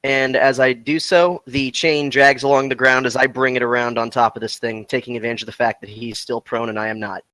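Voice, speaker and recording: A man playing a tabletop game, deliberately describing what his character does. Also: mid-range voice, level tone, bright, forceful tone, dry recording, poor audio. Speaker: player.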